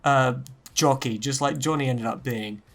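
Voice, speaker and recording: A man's voice: medium pitch, normal speed, a bit bright. A man hosting a podcast in casual chat, swearing freely and slipping into mocking impressions. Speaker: podcast host.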